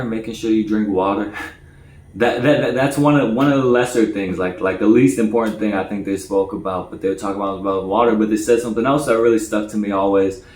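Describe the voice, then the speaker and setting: A man casually telling a personal story, stammering and repeating words often. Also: a little hiss or hum. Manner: stammers and repeats words, acts out quoted voices higher and louder. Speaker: storyteller recounting his past. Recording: echoey room.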